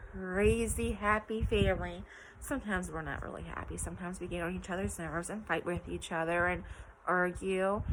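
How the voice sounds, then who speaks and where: Chatty bright-voiced young woman vlogger. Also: medium pitch, a little hiss or hum, low-quality recording. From West Virginia. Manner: chatty, many ums and likes, acts out quotes. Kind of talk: casual personal vlog.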